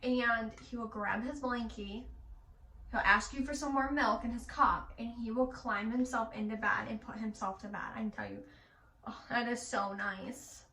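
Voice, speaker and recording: Young Michigan mom vlogger, bright and bold, chatty and animated storyteller, recorded at some distance in an echoey room. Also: female voice, on the high side, moderate pace. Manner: chatty, animated, swears casually. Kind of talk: casual storytelling while getting ready.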